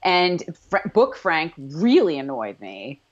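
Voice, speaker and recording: A woman's voice: low-pitched, sing-song, slow. A woman co-hosting a casual TV recap show, talking in a chatty way with self-deprecating asides. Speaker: podcast co-host. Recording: dull lo-fi sound.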